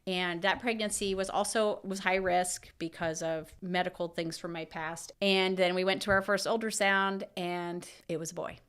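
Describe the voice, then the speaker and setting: A woman in her thirties, a podcast co-host, telling a personal story in casual chat, emotional and lively, quoting her own thoughts aloud. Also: on the low side, normal speed, hardly any pauses, clear, resonant tone.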